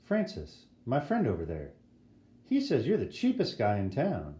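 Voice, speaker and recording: A man voicing a brash, excitable schoolboy who talks in indignant, dramatic bursts. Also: medium pitch, moderate pace, pitched below the performer's own voice. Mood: cocky. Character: brash, excitable eleven-year-old boy. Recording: roomy echo.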